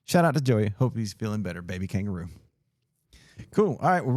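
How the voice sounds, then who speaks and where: A man hosts a relaxed podcast chat, laughing easily and cussing without a second thought. His voice sits low and is recorded close and dry on a podcast mic. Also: no room sound. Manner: laid-back, laughs often, swears freely. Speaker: podcast host. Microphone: podcast mic on a mixer.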